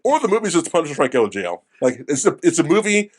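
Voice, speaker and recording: A man's voice: fairly high pitch, very fast, breathy edge. A man co-hosting a casual movie review podcast, swearing freely and breaking into goofy character impressions. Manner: swearing, animated, mimics characters in goofy voices. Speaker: podcast co-host.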